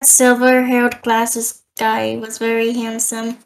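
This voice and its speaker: Chatty woman gamer, higher pitch, quick reactions. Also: completely flat delivery, creaky, a little hiss or hum. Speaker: guest playing a game with friends. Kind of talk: casual chat.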